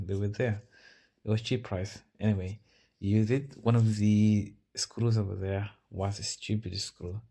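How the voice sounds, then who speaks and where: Male vlogger, low-pitched, Arabic, chatty and self-mocking with lots of tangents. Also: dark tone, slightly rough. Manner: rambling, self-mocking, with many asides. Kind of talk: casual talk over car-maintenance footage.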